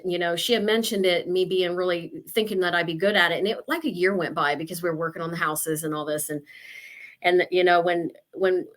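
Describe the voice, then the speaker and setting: A woman's voice: lowish voice, pushed and bright. A woman in her fifties from Ohio, a real estate agent telling her story in a chatty, casual interview. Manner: chatty, storytelling with quoted asides.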